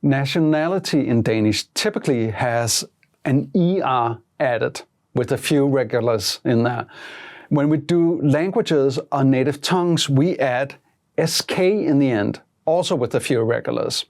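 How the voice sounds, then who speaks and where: A woman hosting a language lesson, speaking slowly and clearly and repeating each word twice. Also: very deep voice, expressive, darkish tone. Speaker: language teacher host.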